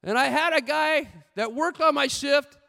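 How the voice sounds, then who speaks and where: A man preaching a sermon with lively storytelling, swinging between loud bursts and hushed asides. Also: very high-pitched, measured pace, vocal fry, in a large hall.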